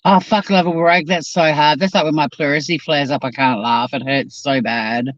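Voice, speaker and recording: A woman's voice: low-pitched, steady tone, brisk, no room sound. An Australian woman hosting a livestream from her car, chatting casually and bluntly with plenty of swearing as she reacts to chat. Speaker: livestream host reading chat. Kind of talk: casual chat while driving. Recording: dull, dry lo-fi sound.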